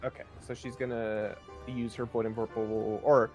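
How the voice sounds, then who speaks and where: A man's voice: medium pitch, little pitch movement, moderate pace, over music. A man playing a tabletop game, thinking aloud about rules and rolls in hesitant casual chat.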